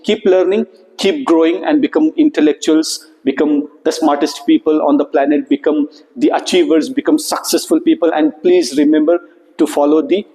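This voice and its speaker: A man leads a motivational session for students, keeping them engaged with frequent rising "okay?" checks. His voice sits a little high for a man yet sounds warm and mellow. The long reverb of a big hall trails after every phrase. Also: steady tone, moderate pace. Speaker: student workshop trainer. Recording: echoey hall recording.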